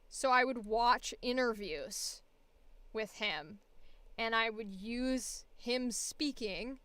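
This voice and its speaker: A woman streamer and voice actor chats casually with her viewers, rambling from thought to thought with plenty of fillers. Her voice is smooth and clear, pitched a touch high. It is close on the mic and dry. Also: a bit bright, dry recording. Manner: rambling, many fillers and restarts. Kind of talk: casual livestream chat.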